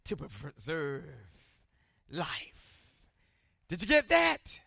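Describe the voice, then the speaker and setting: A pastor with a very high, bright, sharp voice preaches slowly and deliberately, dropping to near whispers for scripture before rising into shouted, repeated questions. The recording is dry and close, with no room sound. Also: male voice, expressive, no echo. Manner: preaching with dramatic swings from soft to shouted. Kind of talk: sermon.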